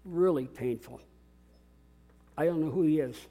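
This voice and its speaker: A man's voice: on the high side, a little slow, mellow. A man preaching a sermon as a pastor, dramatic and calling out to his congregation. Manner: dramatic, call-and-response preaching.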